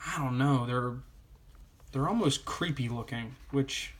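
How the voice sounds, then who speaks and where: A man's voice: mid-range voice, unhurried. A man reviewing a comic book in a casual vlog, rambling and opinionated, with plenty of fillers.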